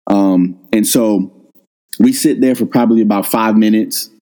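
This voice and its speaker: A middle-aged man, a guest on an interview, telling a personal story in a casual, animated way and jumping up in pitch when he quotes himself. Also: unhurried, rough recording. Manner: animated retelling, rises sharply when quoting himself. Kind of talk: conversational storytelling.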